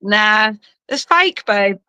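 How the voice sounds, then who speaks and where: Cheeky bright-voiced London woman. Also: mid-range voice, expressive, clear, resonant tone, no echo. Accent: London English. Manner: cheeky, laughing, quick banter. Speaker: dancer and fitness coach guest. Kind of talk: casual interview chat.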